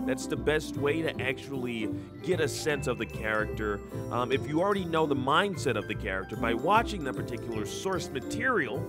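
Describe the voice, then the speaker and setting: A man giving upbeat, announcer-like scripted narration for a vlog. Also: mid-range voice. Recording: narration over music.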